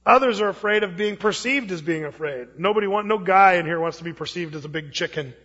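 A man's voice: sits high, fast, fairly bright tone. A man giving a sermon as a pastor, speaking in a conversational preaching style with folksy asides. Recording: dull lo-fi recording in a reverberant hall.

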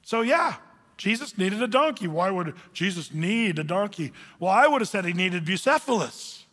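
A male pastor preaching a lively, humorous sermon in a folksy storytelling manner, in a hall with long reverb. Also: high-pitched, moderate pace.

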